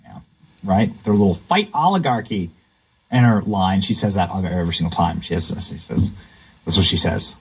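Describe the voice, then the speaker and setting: A man's voice: low-pitched, normal speed, gravelly, slightly rough, poor audio. A man hosting political commentary, sarcastic and mocking. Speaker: commentary host.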